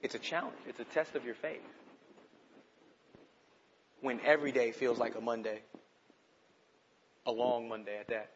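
A man preaching a sermon, moving between urgent, passionate pleas and quiet, reflective asides. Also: mid-range voice, steady tone, moderate pace, long pauses, dull audio, slight background noise. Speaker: pastor.

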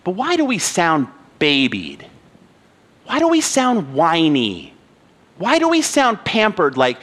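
A man's voice: sits high, huge pitch swings, measured pace, a bit bright, big-room sound. A man pastor preaching a sermon in an earnest way, pressing with rhetorical questions. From United States.

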